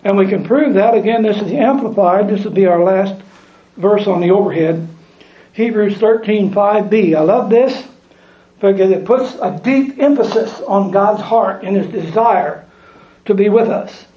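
A man's voice: high voice, normal speed, mellow. A man preaching a sermon, reading scripture aloud and repeating lines for emphasis. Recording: echoey room, dull lo-fi sound.

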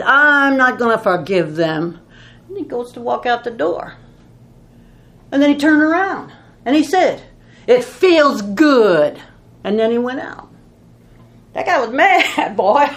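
A woman's voice: fairly high pitch, echoey room. A woman teaching a Bible study in an informal, folksy way, telling stories and asking rhetorical questions.

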